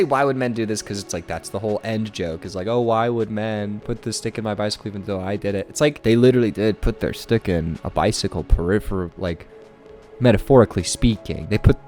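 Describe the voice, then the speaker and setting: A man giving sarcastic, incredulous reaction commentary, ranting about online posts and then reflecting in a monologue. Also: mid-range voice.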